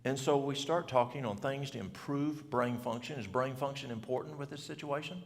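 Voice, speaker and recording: A man's voice: mid-range voice, normal speed, long reverb tail. A man, telling a story in a folksy, country way at a church event and asking the audience questions. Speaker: health speaker. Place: church hall.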